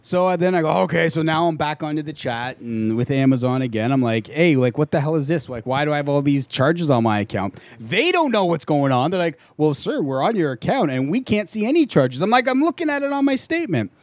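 A man with a slightly high voice speaks into a dry, close microphone. He tells a frustrated story in casual chat, swears freely and jumps into voices for the other people in it. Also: brisk, few pauses, dry recording. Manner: animated, swearing, acts out quoted voices.

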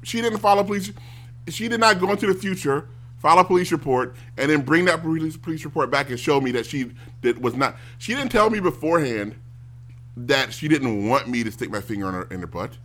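A man ranting casually to a stream audience, animated and given to mocking impressions. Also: fairly high pitch, fairly quick. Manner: animated, mocks others in loud exaggerated voices.

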